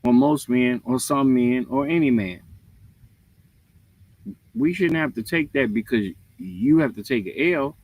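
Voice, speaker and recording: A man's voice: medium pitch, measured pace, pauses often, slightly rough, dry recording. A man hosting a livestream, giving a casual, preachy rant with jokes. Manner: animated, preachy, joking. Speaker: livestream host.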